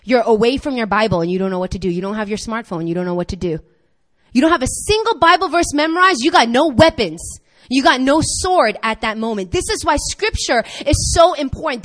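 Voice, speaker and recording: Female preacher, impassioned sermon delivery, highly animated pitch. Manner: impassioned, rising to near-shouts on emphasis; talks straight to the congregation with quick questions.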